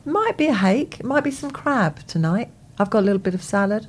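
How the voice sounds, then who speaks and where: A woman's voice: mid-range voice, lively intonation, a little fast, slightly rough. A woman, co-hosting a radio show in casual, rambling on-air chat and laughing easily.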